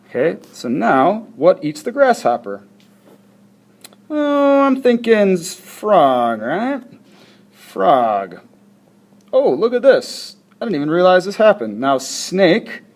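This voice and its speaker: A male teacher talks students through a worksheet, chatty and encouraging and quick to laugh at his own mistakes. His voice sits a bit high for a man and swings up and down with lively energy. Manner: chatty, self-deprecating, encouraging. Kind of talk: recorded classroom lesson walkthrough.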